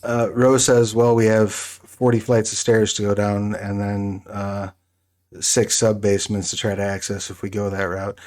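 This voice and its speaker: A man narrating as game master of a tabletop role-playing game, relaxed and halting, with many fillers. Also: on the low side.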